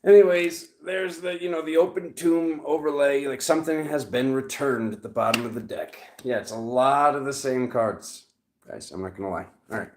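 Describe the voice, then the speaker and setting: A man with a Rhode Island accent talks through a tarot reading in a loose, conversational way. He drifts into joking asides at a middling pitch. His voice bounces around a roomy, echoing space. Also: normal speed, darkish tone. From Rhode Island, USA. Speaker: tarot reader. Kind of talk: casual tarot reading vlog.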